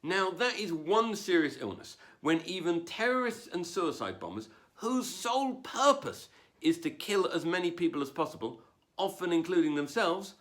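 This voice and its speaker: A man's voice: high voice, sing-song, moderate pace, a bit bright. A man doing a wry, self-deprecating stand-up comedy set from home, with no audience. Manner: wry, self-deprecating delivery with put-on voices. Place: home, performing without an audience.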